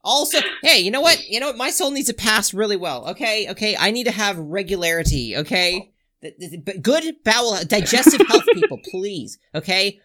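A young woman co-hosting a casual podcast chat, loud and rambling, breaking into laughter and silly voices. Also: medium pitch, expressive, a little fast. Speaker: podcast co-host.

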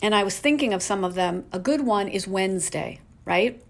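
A woman's voice: mid-range voice, animated, normal speed. A woman hosting a casual solo podcast from home, ranting in an exasperated way with lots of rhetorical questions. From New England. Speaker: podcast host.

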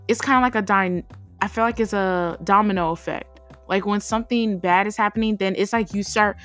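A woman's voice: medium pitch, a bit bright. Rambling young woman podcaster, faint music. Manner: rambling, filler-heavy storytelling. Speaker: podcast host. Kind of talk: casual faith podcast monologue.

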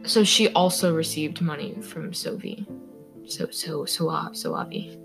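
A woman's voice: sits low, measured pace, creaky, over music. A young woman hosting a podcast, telling a true-crime story in casual chat with lots of fillers and stumbles over names. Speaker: podcast host.

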